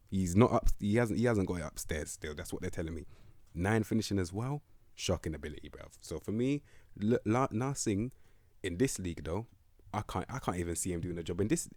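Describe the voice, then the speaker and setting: Young man, deep voice, dark tone, dry close sound, blunt slangy game commentary. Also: dry recording. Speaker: gaming video host.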